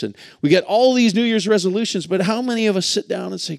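A pastor preaches a sermon earnestly and reflectively, reading scripture, stumbling over a few words, and occasionally restarting. His high, animated voice moves quickly, sounds creaky, and has few pauses. The sound is clean studio audio with no room sound.

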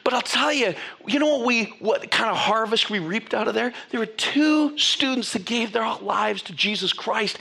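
A man preaching a sermon to his congregation, animated and conversational, with frequent restarts and asides. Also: high voice, normal speed, creaky, few pauses, breathy edge. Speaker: pastor.

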